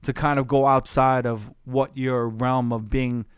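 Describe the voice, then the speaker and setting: A man co-hosting a podcast in relaxed, jokey chat. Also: mid-range voice, unhurried, clear, resonant tone, no echo, studio quality. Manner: relaxed, jokey, quotes people in voices. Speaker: podcast co-host.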